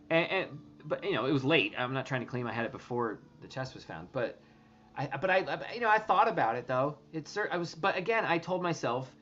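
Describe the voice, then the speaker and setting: A man talking casually to his viewers, rambling and excitable, swearing and restarting his sentences often. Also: on the high side, fairly quick, highs cut off, slight background noise. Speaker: treasure hunt vlogger.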